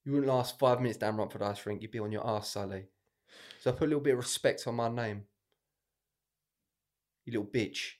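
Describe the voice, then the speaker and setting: A man's voice: mid-range voice, fairly quick, long pauses, lightly acted. A man playing a cocky young gangster who taunts his rival in a boastful way.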